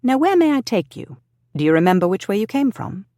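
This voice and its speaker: A man's voice: high voice, big pitch swings, a little fast, mellow, no echo, voice pushed up. A narrator voicing a stern, sensible nobleman who speaks tightly and scolds, in a dry recording.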